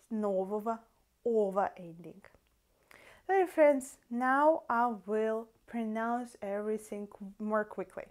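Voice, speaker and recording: A language teacher with a Russian accent gives a lesson in a fairly high, slightly mellow voice, addressing viewers as dear friends. She speaks unhurriedly and deliberately, often pausing to sound out word endings one at a time.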